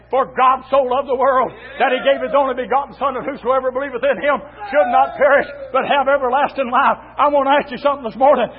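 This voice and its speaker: High-voiced preacher shouting on a tinny recording. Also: male voice. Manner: rhythmic, shouted refrains with "uh" between phrases. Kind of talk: fiery revival sermon. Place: church. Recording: tinny, phone-like church recording.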